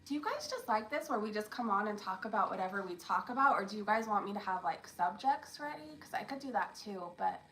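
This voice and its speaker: A woman's voice: medium pitch, animated, a little fast, few pauses, fairly bright tone, reverberant, far from the mic, slight background noise, low-quality recording. A young woman hosting a casual live stream from home, chatting with her viewers by name and rambling from one topic to the next. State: coughing after choking.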